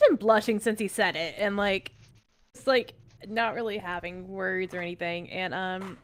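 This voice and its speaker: A woman's voice: medium pitch, fairly even intonation, moderate pace. A woman playing in a tabletop role-playing game, speaking hesitantly with many fillers. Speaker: player. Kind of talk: casual tabletop play.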